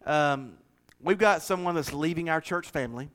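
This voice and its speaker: A man's voice: a little high, moderate pace, a bit bright. A man preaching and making church announcements in a folksy, joking, chatty way. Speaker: pastor.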